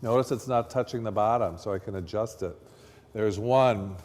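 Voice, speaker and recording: A chatty man coaching a class through a hands-on floristry demonstration, quizzing his students as he goes. His mid-pitched voice rings with a long hall reverb, as in a workshop classroom. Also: normal speed, slight background noise. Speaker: floristry instructor.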